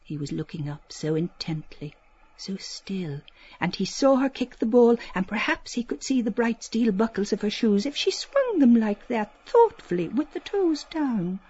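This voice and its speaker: Woman reading a classic novel, sing-songy expressive, slightly husky, kinda muffled dry sound. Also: fairly high pitch, normal speed. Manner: expressive, lilting storytelling with soft hushed passages. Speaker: audiobook narrator. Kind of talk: literary audiobook reading.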